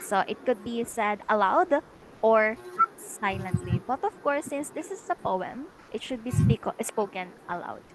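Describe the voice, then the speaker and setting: A woman's voice: medium pitch, slight background noise, rough recording. A young woman student with a Filipino English accent presenting a lesson, explaining step by step with many "okay, so" restarts. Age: young adult. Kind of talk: classroom lecture presentation.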